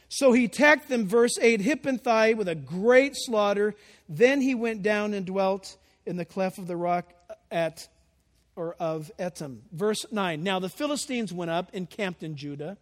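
A man with a very high voice preaches through a scripture passage, stopping for lively, chatty asides to his congregation. His words ring out with the long reverb of a large sanctuary. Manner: conversational, animated storytelling asides. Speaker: pastor. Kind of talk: expository sermon.

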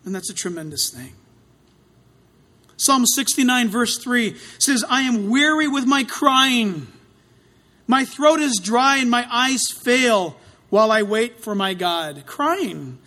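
A man preaching a sermon, swinging between loud outcries and hushed asides, with a dramatic delivery. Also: extremely high pitch, animated, slow pace.

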